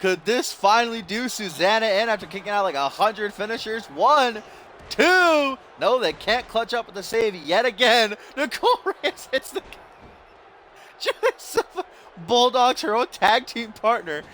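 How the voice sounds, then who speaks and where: Excitable young man calling game wrestling. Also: high-pitched, measured pace, slight background noise. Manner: excitable, laughing, exasperated at botches. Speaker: gaming YouTuber. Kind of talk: play-by-play commentary over a wrestling video game.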